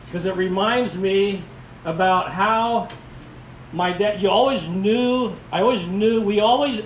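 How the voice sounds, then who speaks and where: A middle-aged man giving a memorial speech in a church chapel, telling stories in a halting, rambling way and chuckling often. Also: high-pitched, fairly bright tone, a little hiss or hum. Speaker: family member giving a eulogy. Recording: echoey hall picked up from far off.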